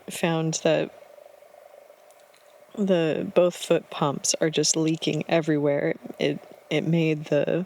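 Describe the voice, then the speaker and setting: A young woman vlogging to camera, talking softly and anxiously, with sighs and nervous laughs. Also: sits low. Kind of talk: casual vlog to camera.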